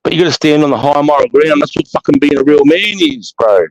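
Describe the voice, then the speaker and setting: A fast-talking Australian man with a fairly high, creaky voice and big pitch swings hosts a live chat show. In a casual spoken monologue he talks bluntly, swears heavily and preaches with emphasis. The audio is dull, lo-fi and dry.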